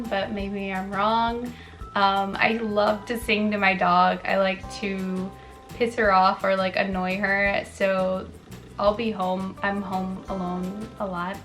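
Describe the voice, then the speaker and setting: A young woman vlogger chatting casually about herself, full of fillers like "like" and "um" and quick self-corrections. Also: mid-range voice, fairly bright tone. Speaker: wellness vlogger. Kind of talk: casual chatty facts video.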